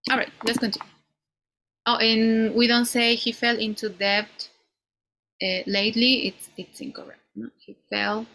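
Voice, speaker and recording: A woman teaching an English grammar class, explaining slowly and ending many points with "no?". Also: fairly high pitch, level tone, creaky, pushed and bright, rough recording. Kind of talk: online class lecture.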